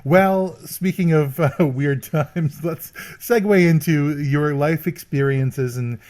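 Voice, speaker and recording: A man's voice: fairly high pitch, takes it slowly, a little mellow. Wry Canadian man co-hosting a podcast. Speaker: podcast co-host. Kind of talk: casual chat.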